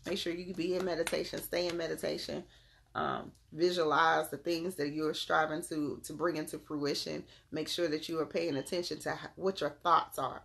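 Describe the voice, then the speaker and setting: A woman's voice: sits low, creaky, a bit bright. A woman giving a casual tarot reading on a live stream, laid-back and slangy, calling her viewers "beloved".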